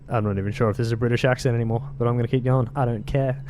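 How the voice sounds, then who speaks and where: A man's voice: on the low side, little pitch movement, very fast, hardly any pauses, darkish tone, slight background noise. A man hosting a game video, making casual, self-mocking asides between lore readings. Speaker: gaming video host. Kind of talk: casual gameplay commentary.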